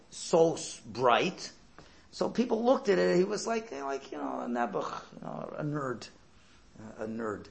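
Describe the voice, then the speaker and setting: A man telling a Hasidic folk tale in an animated, chatty way, sprinkling in Yiddish words and asides. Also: medium pitch, gravelly. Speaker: storyteller.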